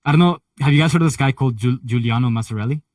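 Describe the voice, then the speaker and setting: A man's voice: medium pitch, very fast, a little mellow, no room sound, studio quality. Blunt man speaking from a distance. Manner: blunt, swears casually. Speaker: call participant. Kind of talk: casual chat on a group call.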